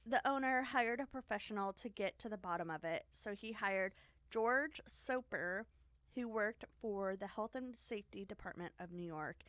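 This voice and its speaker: A woman chats her way through a history story, giggling often and stumbling over fillers and restarts. Her voice sits a touch high. The sound is dry and close, with no room around it. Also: fairly bright tone, no echo. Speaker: podcast co-host telling a history story. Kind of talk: casual storytelling chat.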